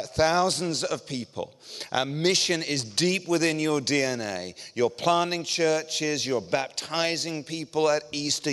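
A middle-aged man with an English accent delivers a sermon to a church congregation. His voice is smooth and clear, and his manner is lively and self-deprecating. The sound carries a long reverb from a large church hall. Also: on the high side. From England. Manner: self-deprecating, joking and energetic. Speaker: guest preacher.

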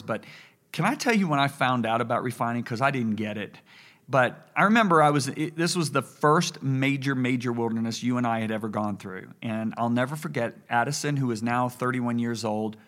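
A man in his sixties, a pastor co-hosting a faith talk show, telling stories and acting out dialogue as he preaches. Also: medium pitch. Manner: storytelling, animated retelling of dialogue. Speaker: pastor and co-host. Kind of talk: preaching conversation.

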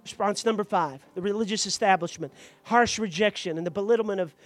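Against faint background music, a man with a high voice preaches fast to his church congregation. His sermon builds from quiet explanation into loud, fervent preaching, with members called out by name.

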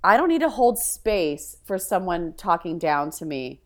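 A woman's voice: lowish voice, very animated, measured pace. A woman guest in a casual interview, a frank verbal processor who thinks aloud with many restarts. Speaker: podcast guest.

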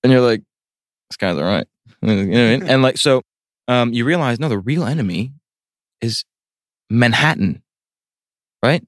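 A band member from New Jersey telling a long, animated rant in casual chat as a podcast guest, peppered with swearing and tag questions. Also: male voice, mid-range voice, moderate pace, pauses often, no echo, studio quality. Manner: animated ranting storyteller, swears freely, frequent "right?".

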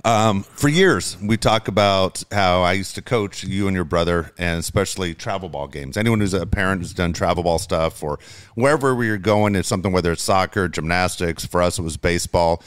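Middle-aged dad co-host, low voice, swearing and lively, dry close sound. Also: male voice, brisk, smooth, no echo. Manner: animated, profane storytelling. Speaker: podcast co-host, father. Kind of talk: casual chat.

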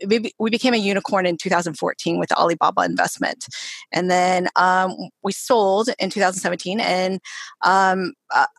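A woman's voice: on the low side, vocal fry, fairly bright tone, no room sound. A woman chatting as an interview guest, talking freely with plenty of ums. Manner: chatty, filler-heavy. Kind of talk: casual chat.

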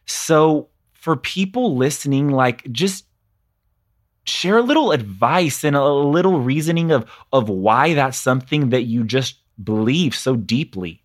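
A man at a middle pitch hosts a podcast conversation. He is enthusiastic and affirming, responding to his guest in a loose, conversational way. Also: expressive, a little slow. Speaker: podcast host. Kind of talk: casual interview conversation.

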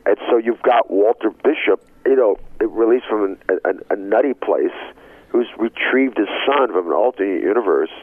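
A man, an actor guest in an interview, talking in an expressive, rambling way that swings between loud excitement and low murmurs. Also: moderate pace, breathy edge, no room sound. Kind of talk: animated interview talk. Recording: tinny phone line.

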